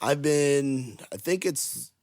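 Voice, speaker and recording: A man's voice: mid-range voice, expressive, takes it slowly, a little mellow, no room sound, clean studio sound. A man hosting a podcast, chatting and joking in an upbeat way. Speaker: podcast host. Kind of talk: casual chat.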